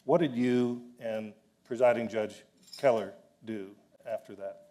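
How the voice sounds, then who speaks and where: A man's voice: lowish voice, fairly even intonation, unhurried, warm tone. Man interviewing on stage, fumbling for words. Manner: searching for words, restarts. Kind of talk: onstage interview at a dinner event. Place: hotel banquet room.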